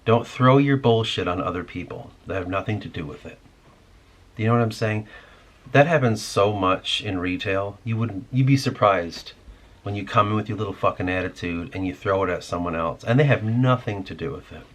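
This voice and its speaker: A man's voice: on the low side, moderate pace. A man hosting a podcast, delivering a rambling, irritated, profane rant in casual talk. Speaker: podcast host.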